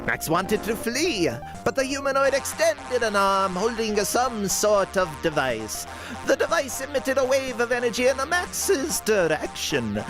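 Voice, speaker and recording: A man's voice: very high-pitched, big pitch swings, a little slow, music in the background, pitched above the performer's own voice, full character voice, poor audio. Man doing a hammy mock-European storyteller. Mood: dramatic. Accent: mock generic European. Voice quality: hammy, theatrical. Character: overwrought male sci-fi storyteller, mock European accent. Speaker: commentator reading a game walkthrough.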